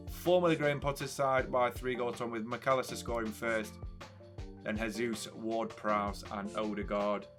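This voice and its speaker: A young man commentating a football video game casually, swinging between hype and frustrated ranting. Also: medium pitch. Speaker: gaming YouTuber.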